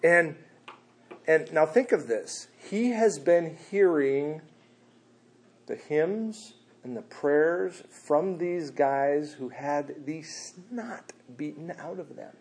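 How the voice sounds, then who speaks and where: Man, preacher, sermon, laid-back slangy delivery, loud animated bursts, fairly high voice. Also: takes it slowly.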